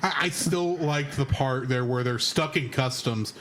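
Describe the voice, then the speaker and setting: A man co-hosting a podcast, chatting casually with animated, sarcastic asides. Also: mid-range voice, measured pace, slight background noise. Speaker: podcast co-host. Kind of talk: casual chat.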